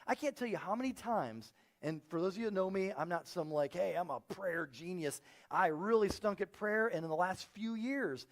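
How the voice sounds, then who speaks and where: A man preaching a sermon as pastor, telling stories and acting out the people he quotes. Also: high-pitched. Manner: animated storytelling, acting out quoted voices. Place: church auditorium.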